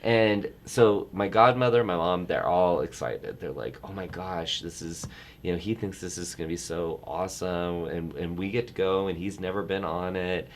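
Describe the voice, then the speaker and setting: A middle-aged man with a low, deep voice chats casually as a guest about his work in the travel industry. He rambles, cuts himself off, and gets animated when excited, speaking at normal speed with few pauses over a faint hum of noise.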